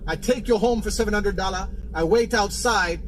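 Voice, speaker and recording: A man slipping into a cocky taxi driver who drags out his words with a quiet threat behind them. The voice sits fairly high. A noisy clip carries it. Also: moderate pace, lightly acted. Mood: threatening. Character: scheming Jamaican male taxi driver, cocky.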